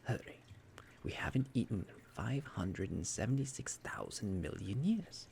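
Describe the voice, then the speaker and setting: Man doing a pushy, impatient space rogue, lively pitch, gravelly grain. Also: moderate pace, whispered. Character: brash, impatient hungry adventurer man.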